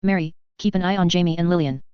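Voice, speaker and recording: A woman voicing a steady, practical young man giving plans and asking questions in an audiobook, with a low, smooth voice on a dull recording. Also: fast talker, dry recording, lightly acted. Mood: planning. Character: young male leader, calm and practical.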